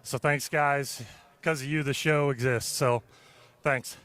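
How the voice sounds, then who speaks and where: A man's voice: medium pitch, steady tone, takes it slowly, a bit bright. A man speaking as a guest driver just after a race at an outdoor speedway, out of breath and thrilled. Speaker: police officer and guest driver.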